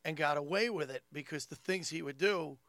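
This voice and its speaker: High, gravelly, animated male storyteller. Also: fairly quick, dry recording. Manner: animated storyteller who acts out family members with big jumps in pitch and loudness. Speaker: podcast co-host telling family stories. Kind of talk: casual comedic storytelling.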